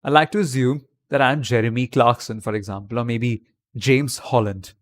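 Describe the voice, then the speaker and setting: A man's voice: mid-range voice, fairly even intonation, normal speed. A man from India chatting on a livestream from his home webcam. He answers viewers' comments and talks English in a put-on British accent. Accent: British accent put on by an Indian speaker. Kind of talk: casual livestream chat.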